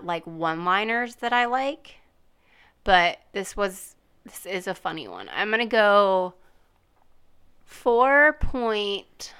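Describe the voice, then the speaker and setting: A woman's voice: mid-range voice, sharp tone, clean tone. A woman co-hosting a podcast, chatting casually about a TV episode. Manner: chatty, quotes characters in put-on voices. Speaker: podcast co-host. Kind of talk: casual chat reviewing a TV episode.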